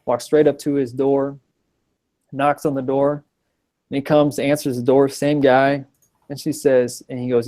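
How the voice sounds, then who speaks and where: A man's voice: mid-range voice, moderate pace. Man telling a story on a video call. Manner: animated storyteller, frequent ums and restarts. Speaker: interview guest, author. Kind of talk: storytelling in a casual interview.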